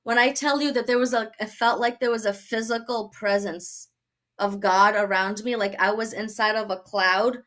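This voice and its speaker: A young woman from Brooklyn, telling her conversion story as a guest, animated and laughing often. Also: mid-range voice, moderate pace. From Brooklyn, New York. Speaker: guest sharing testimony. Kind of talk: personal testimony in a talk show.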